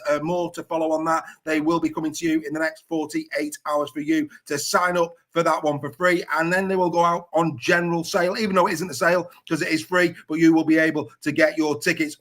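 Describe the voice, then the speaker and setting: A man's voice: a little high, a bit bright. A man hosting an upbeat rugby news update, plugging events to members. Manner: upbeat, salesy plugs. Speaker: host.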